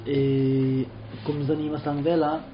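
A man interpreting a lesson live, halting and searching for words. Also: on the high side, little pitch movement, reverberant, over music. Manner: halting, with fillers and restarts. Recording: dull muffled recording.

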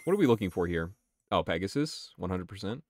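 A man streams a game and talks casually, swearing as he answers his chat. His low-pitched voice is very animated, a little fast, and darkish in tone.

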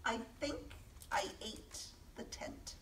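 A woman voicing a kind young male monster who keeps apologizing, speaking softly in a storybook reading. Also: high voice, expressive, slow pace, pitched above the performer's own voice, heavily acted. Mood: apologetic. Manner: apologetic, soft-spoken. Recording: echoey room, voice from a distance.

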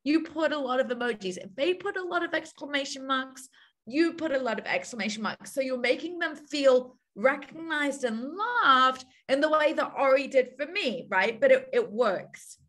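Bright upbeat woman hosting a call. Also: high voice, animated, normal speed. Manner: upbeat, coaching, repeats key phrases. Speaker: call host. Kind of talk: team call presentation. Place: video call.

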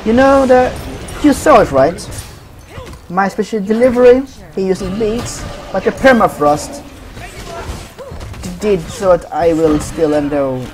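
A Swedish gaming commentator with a high-pitched, darkish voice talks over his own gameplay, swearing heavily and trash-talking his opponents. He's unhurried and pauses often.

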